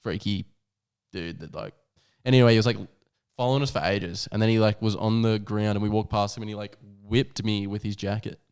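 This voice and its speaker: A man's voice: fairly low pitch, fairly even intonation, fairly quick, darkish tone, clear, resonant tone. A young adult man, co-hosting a podcast and telling a rambling travel story with lots of "like" and swearing. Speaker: podcast co-host. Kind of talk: casual chat.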